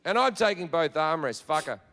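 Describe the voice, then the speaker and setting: An Australian man doing profane, animated stand-up storytelling on a theatre stage. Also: a little high, a little fast, very noisy. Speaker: stand-up comedian.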